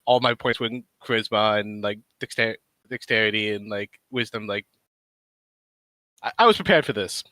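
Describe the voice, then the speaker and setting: A man's voice: lowish voice, moderate pace, pushed and bright, no room sound. A man hosting a casual stream, telling a rambling gaming story with many fillers. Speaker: stream host.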